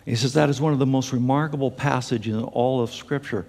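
Gravelly-voiced pastor preaching in a hall. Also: male voice, mid-range voice, steady tone, brisk, a little mellow. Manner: earnest preaching with fillers and restarts. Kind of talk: sermon. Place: church sanctuary. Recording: long hall reverb.

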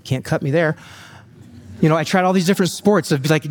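A man in his forties, a pastor telling his testimony in a sermon, with self-deprecating humor and lively asides. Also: fairly high pitch, fairly quick.

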